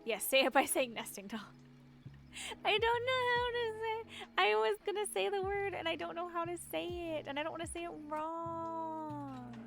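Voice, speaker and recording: A woman's voice: very high-pitched, moderate pace, gravelly, fairly bright tone, faint music behind. A woman streamer chatting casually and rambling while she plays, often giggling. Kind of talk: casual chat while gaming.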